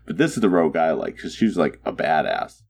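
Low husky-voiced guy on a podcast, super lively pitch, gushing about the good bits. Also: fairly quick. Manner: enthusiastic, gushing about favorite moments. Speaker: podcast co-host. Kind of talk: casual chat.

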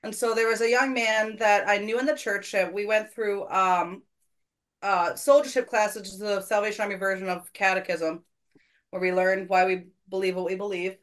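Casual podcast host: a woman sharing a church story, earnest, a bit self-mocking, mid-pitched. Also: steady tone, normal speed. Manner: earnest, self-deprecating, quotes people in her story. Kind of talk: casual faith conversation, storytelling.

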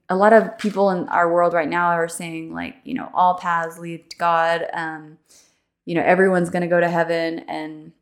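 A young adult woman hosting a devotional podcast, chatting casually with many fillers and slowing down to read scripture aloud. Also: on the low side. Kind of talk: casual devotional reading and reflection.

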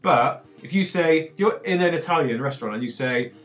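A man bantering playfully on a podcast, laughing between his remarks. His voice sits a touch high. Guitar music plays clearly underneath. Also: animated, a little fast. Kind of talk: casual banter.

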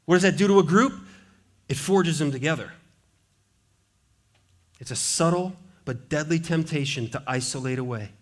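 A pastor preaches in a church, his voice sitting a bit high for a man. He talks in a lively, conversational way and slips into playful quoted asides to his congregation. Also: normal speed, pauses often. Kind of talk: sermon. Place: church sanctuary.

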